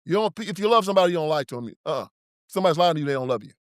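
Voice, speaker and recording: A man's voice: a little high, lively intonation, rapid-fire, no room sound. Fiery preachy male host, dry sound. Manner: emphatic, preachy, confrontational. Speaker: show host. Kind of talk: political commentary monologue.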